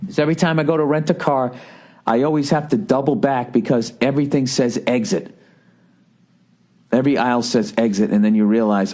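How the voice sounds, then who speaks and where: A man's voice: mid-range voice, moderate pace, long pauses, a little mellow. A man in his forties hosting a podcast, telling a comic story in a profane, exasperated, ranting way. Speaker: podcast host. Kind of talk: comedic storytelling monologue.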